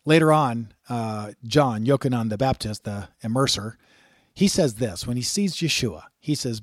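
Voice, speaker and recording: A man's voice: medium pitch, animated, moderate pace, no room sound, clean studio sound. A man teaching scripture in a sermon style, emphatic, reading passages aloud and repeating key words for stress. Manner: frequent "uh" fillers and restarts. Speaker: Bible teacher.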